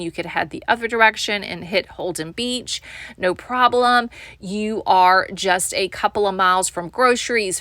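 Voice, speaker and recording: A woman's voice: medium pitch, pushed and bright, no echo. An enthusiastic woman giving a home tour as a real estate agent, often calling out to viewers as "you guys.".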